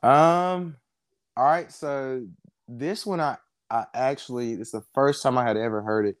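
Coach in his twenties, smooth tone, dry close recording, rambling relaxed chat. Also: mid-range voice, measured pace, no room sound. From South Georgia, US. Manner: relaxed storyteller, many fillers. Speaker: wrestling coach, guest. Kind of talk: casual interview chat.

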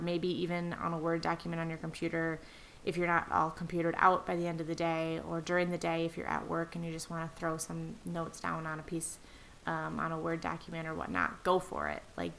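A woman's voice: lowish voice, vocal fry, fairly bright tone, rough recording. A middle-aged woman hosting a reflective solo podcast, talking earnestly and encouragingly to her listeners as friends. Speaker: podcast host. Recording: faint hiss.

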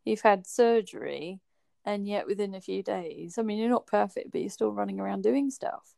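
A woman's voice: medium pitch, moderate pace, vocal fry, mellow. A woman in casual chat, a supportive listener who agrees often.

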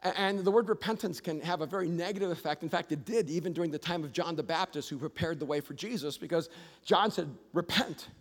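High-voiced animated pastor in a hall. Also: male voice, quick pace. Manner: animated storyteller, rising to shouts. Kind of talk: sermon. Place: church auditorium. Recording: long reverb of a large hall.

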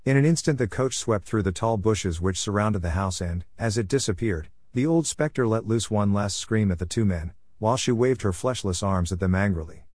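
A man reading a ghost story aloud in a measured, solemn narration style. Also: on the low side, expressive, darkish tone, no room sound. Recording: dry close recording.

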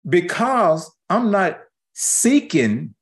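A middle-aged man preaching a sermon in a folksy, animated way, acting out quoted asides. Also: high-pitched, very slow. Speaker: pastor.

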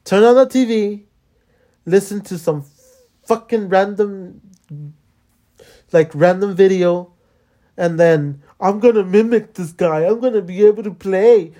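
An exasperated podcaster vents in a loose, rambling monologue, peppered with curses and restarts, at a mid-range pitch that sits neither high nor low. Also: unhurried, pauses often, dark tone. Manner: profane and rambling, many restarts and fillers; exasperated complaining. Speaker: podcast host. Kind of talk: casual venting monologue.

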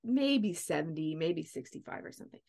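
A woman in her forties chatting casually, telling a story with lively acted-out quotes. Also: on the low side, normal speed, vocal fry. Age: 40s. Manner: animated storyteller, acts out quotes. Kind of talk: casual chat.

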